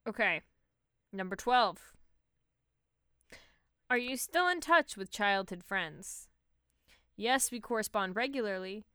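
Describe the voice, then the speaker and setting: A woman's voice: mid-range voice, expressive, slow pace, pauses often, sharp tone, clear, resonant tone, dry recording, clean studio sound. A woman co-hosting a casual podcast, reading quiz questions and answer options aloud in a matter-of-fact way. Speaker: podcast co-host.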